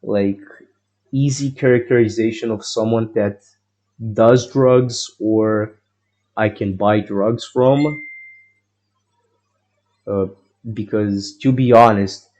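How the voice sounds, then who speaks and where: Young male vlogger, lowish mellow voice, rambling profane storyteller. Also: fairly even intonation, takes it slowly, long pauses. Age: young adult. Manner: rambling, profane, full of fillers and restarts.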